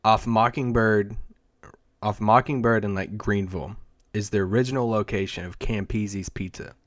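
A man's voice: lowish voice, steady tone, moderate pace, no echo, studio quality. A man co-hosting a casual sports podcast, telling loose, rambling stories with lots of fillers and restarts. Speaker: podcast co-host, team site editor. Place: Dallas area.

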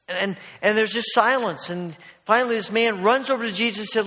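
A man's voice: high voice, brisk, hardly any pauses, pushed and bright. A man preaching a sermon in a church, telling stories in a conversational way full of asides. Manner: storytelling, conversational, many asides. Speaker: pastor. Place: church sanctuary. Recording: long hall reverb.

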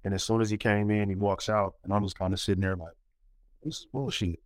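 Man, storyteller, low voice, smooth and clear, lively delivery, many fillers. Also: fast talker, no echo. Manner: animated storyteller, many fillers, acts out quotes. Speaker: former college basketball player, guest. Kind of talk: casual storytelling interview.

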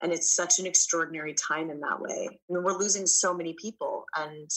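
Earnest woman with a bright, lowish voice. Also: steady tone, a little fast, low-quality recording. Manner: earnest, reflective, hesitant with fillers. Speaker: guest. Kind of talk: casual heartfelt conversation.

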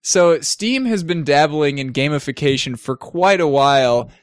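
A young man co-hosting a casual gaming news chat, wry and quick to laugh as he reads news items. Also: fairly high pitch, animated, dry recording, studio quality. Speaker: co-host.

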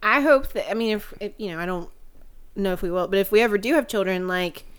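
A woman's voice: mid-range voice, quick pace, clear, resonant tone. A woman co-hosting a podcast, telling a story casually with lots of "like" and laughter. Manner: giggly storytelling with many "like" fillers. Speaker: podcast co-host. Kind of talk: casual chat.

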